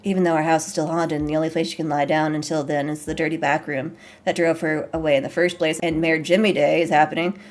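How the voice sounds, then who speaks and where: A young man worn down by worry, as a woman puts him on. He speaks quietly and low, with a subdued, apologetic manner. The voice is lowered from her own. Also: little pitch movement, fast talker, few pauses, faint music behind, natural voice. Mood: overwhelmed. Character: shaken, overwhelmed young man.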